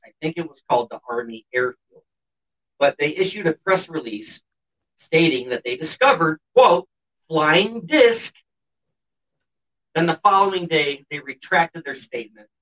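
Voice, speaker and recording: Sounding far from the mic on a dull, lo-fi recording, this podcast co-host has a highish, slightly bright voice. In casual chat he tells a story with blunt sarcasm and nonstop swearing.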